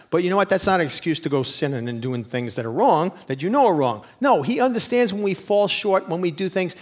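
High-pitched guy in his 40s preaching, chatty and emphatic, asks the crowd lots of questions. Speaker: pastor. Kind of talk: sermon.

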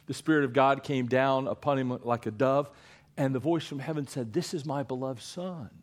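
A man, a preacher giving a sermon and coaxing his congregation to read scripture aloud with him. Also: medium pitch. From Eastern North Carolina. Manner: playful, coaxing the congregation, then hushed and earnest. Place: church before a congregation.

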